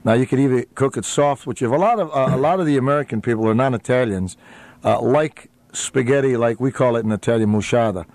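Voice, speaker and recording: Restaurant owner guy on the radio, rambly, lots of uhs, middle pitch, dry mic. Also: fast, no echo. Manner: rambling, many uhs, warm laughs, restarts. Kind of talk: casual radio interview chat.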